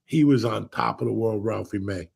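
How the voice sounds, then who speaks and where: A man telling stories in a casual chat, profane and rambling, with a gravelly, raspy voice. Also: fairly low pitch, normal speed. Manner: profane, storytelling. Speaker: podcast host.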